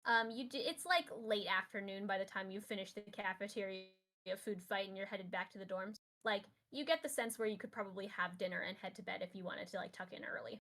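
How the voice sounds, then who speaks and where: A woman's voice: mid-range voice, a little fast, fairly bright tone. A woman acting as game master, narrating a tabletop game in a casual, rambling way with many fillers.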